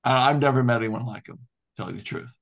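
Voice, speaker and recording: A man's voice: mid-range voice, fast, a bit bright. A man in a casual spiritual group discussion over a video call, talking in an earnest, heartfelt and reflective way. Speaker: study group participant.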